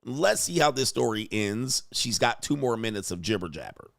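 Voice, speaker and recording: A man's voice: fairly low pitch, very animated, normal speed, gravelly, fairly bright tone, dry recording, studio quality. A man hosting a reaction commentary, blunt and crude as he talks straight to the viewer.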